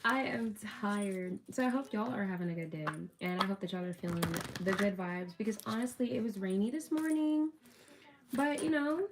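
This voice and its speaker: A woman's voice: mid-range voice, moderate pace, a little hiss or hum. A young woman casually chatting to her viewers while doing a tarot reading, upbeat and talkative. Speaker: tarot reader.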